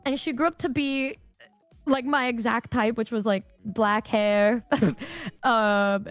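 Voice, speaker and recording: A young woman, a streamer, telling a candid personal story in casual chat, swearing freely and acting out what others said in a higher voice. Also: fairly even intonation, takes it slowly, no echo, soft background music. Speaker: streamer co-host.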